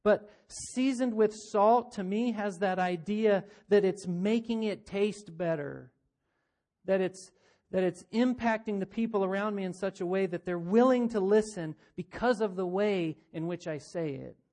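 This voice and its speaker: A man delivers a sermon in a high, light voice. He preaches earnestly, asking his listeners rhetorical questions and slipping into the voices of imagined people. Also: measured pace, dark tone. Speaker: pastor.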